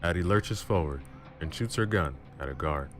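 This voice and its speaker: A male storyteller with an extremely low, booming voice reads a story in the first person, dramatic and measured. Music runs behind him throughout. He closes as the channel's host.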